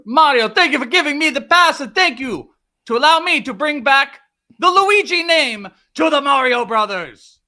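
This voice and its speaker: A man's voice: very high voice, lively intonation, normal speed, sharp tone, voice pushed up, exaggerated voice. A man voicing an eager Italian plumber sidekick in a strained, exaggerated put-on voice with a stereotypical Italian accent. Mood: excited.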